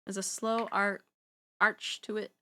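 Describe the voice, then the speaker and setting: A woman's voice: mid-range voice, flat delivery, a little slow, sharp tone. A young woman streaming from home, chatting casually and rambling with playful slang while she draws. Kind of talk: casual livestream chat while drawing.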